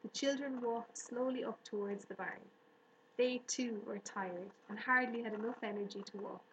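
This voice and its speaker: A woman narrating an audiobook in a steady, even storytelling manner. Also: fairly high pitch, normal speed. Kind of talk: audiobook reading. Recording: roomy room echo, faint hiss.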